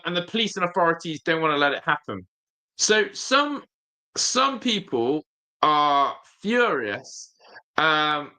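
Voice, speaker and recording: This man hosts a laid-back football fan stream, speaking directly to his viewers with emphasis and frequent repetition. His voice runs on the high side, bright and forceful.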